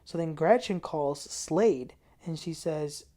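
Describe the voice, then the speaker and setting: A woman with a somewhat low voice recaps a reality show in a casual way. She tells the story with animation and jumps up in pitch when she quotes people. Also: takes it slowly, warm tone. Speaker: TV recap host.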